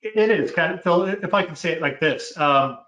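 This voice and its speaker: A man explaining technical design details in a casual chat, measured and full of fillers. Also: on the high side, a bit bright. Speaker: product manager. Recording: roomy echo.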